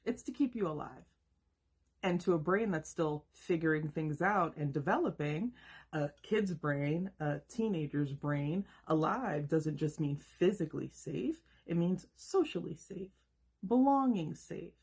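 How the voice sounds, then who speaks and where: A woman in her thirties speaks a scripted motivational monologue, her husky voice swinging widely in pitch. She leans on rhetorical questions and lets dramatic pauses land. Her tone is emphatic and direct. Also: lively intonation, darkish tone. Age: 30s. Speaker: self-help video host.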